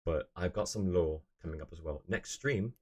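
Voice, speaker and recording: A man's voice: low voice, normal speed, a little mellow, husky. A young man streaming live, chatting casually and rambling as he answers his viewers' messages.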